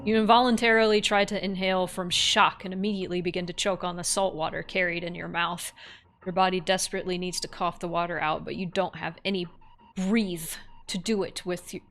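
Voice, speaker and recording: A woman's voice: on the low side, steady tone, a little fast, fairly bright tone, slight background noise. A woman streamer reading a horror text game aloud, breaking off for wry, offhand comments.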